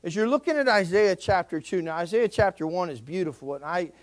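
High-voiced emphatic man preaching. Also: animated, a little fast. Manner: emphatic preaching, calls on the congregation to respond. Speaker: pastor. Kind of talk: sermon.

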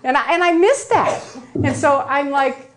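A woman giving a personal storytelling talk, animated and acting out the voices she quotes, often tagging lines with "right?". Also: high voice, unhurried, slight background noise. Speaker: speaker giving a public talk.

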